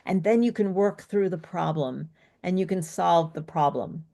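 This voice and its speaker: A woman's voice: on the low side, a little slow, a little mellow. A woman speech coach teaching an online workshop in an explanatory, coaching way over a video call.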